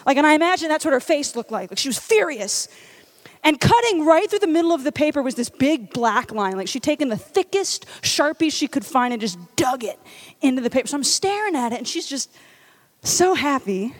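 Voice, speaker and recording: A woman's voice: high-pitched, big pitch swings, fairly quick. A woman from Louisiana giving a comedic storytelling sermon, chatty and self-deprecating, with many "like"s. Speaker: church speaker.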